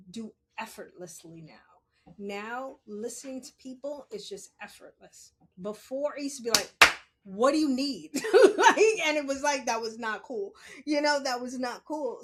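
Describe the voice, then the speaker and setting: Woman, forties, podcast host, casual monologue, candid, laughs often, middle pitch. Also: slightly rough. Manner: chatty, laughs often, self-correcting asides.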